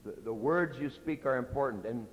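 A middle-aged pastor preaching in a church, earnest and conversational, going soft and low when he tells of his own mistakes. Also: moderate pace, dull audio. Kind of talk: sermon. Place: church sanctuary. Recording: echoey hall with faint rumble.

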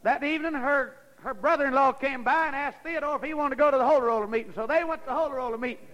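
A preacher with a very high voice tells a church story in a folksy drawl. He rises into fervent, shouting preaching between the anecdotes. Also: very fast, lo-fi sound. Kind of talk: sermon.

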